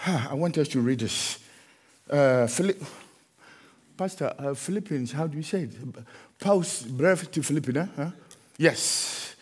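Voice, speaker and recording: Man preaching, middle-aged, husky, high and lively voice, sung refrains, English not his first language. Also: a little slow, long pauses. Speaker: pastor. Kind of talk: sermon.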